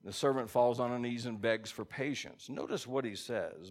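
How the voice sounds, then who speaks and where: A man's voice: medium pitch, moderate pace, few pauses. A man preaching a sermon in a conversational way, reading scripture aloud and checking in with his listeners. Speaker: pastor.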